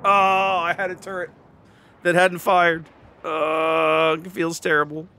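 A man's voice: on the high side, level tone, takes it slowly, pushed and bright, a little hiss or hum. A man casually commentating his own naval battle game, joking and sarcastic with theatrical asides. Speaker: gameplay commentator.

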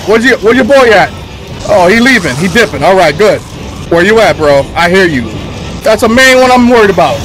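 A young man giving loud, excitable, profane live commentary while playing a game on a headset, laughing often. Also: high voice. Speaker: gaming streamer.

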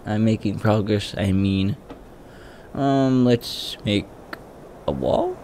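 A man's voice: fairly low pitch, expressive, slow, long pauses, noisy background. A young man giving rambling, goofy gameplay commentary, swearing often and breaking into sing-song exclamations. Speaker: gaming YouTuber.

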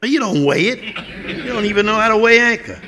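A man's voice: sits high, lively intonation, a little fast, big-room sound, a crowd in the background, pitched above the performer's own voice. A man doing a cocky slangy explorer captain. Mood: bossy. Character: brash boastful male explorer captain.

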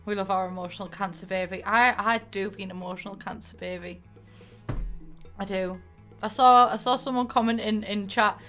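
A woman's voice: medium pitch, steady tone, moderate pace. A woman streamer chatting casually at the end of a stream, tearful and emotional, rambling and poking fun at herself. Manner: chatty, self-mocking, rambling with restarts. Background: soft game music.

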